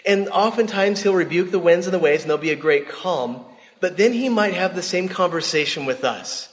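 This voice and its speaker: A man giving a sermon to a live audience, telling stories in a lively, chatty way, often laughing and speaking straight to his listeners. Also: a little high, fairly quick, in a large hall. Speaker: devotional speaker.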